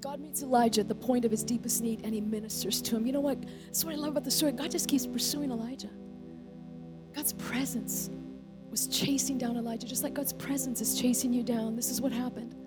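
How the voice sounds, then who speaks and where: A woman pastor preaching an energetic, emphatic sermon to her congregation. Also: fairly high pitch, a little fast, over music.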